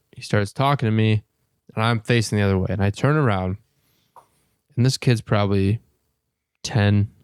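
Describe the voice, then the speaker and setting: A man's voice: fairly low pitch, creaky, no room sound, studio quality. A man co-hosting a podcast, telling a long crude story casually and laughing often. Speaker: podcast co-host.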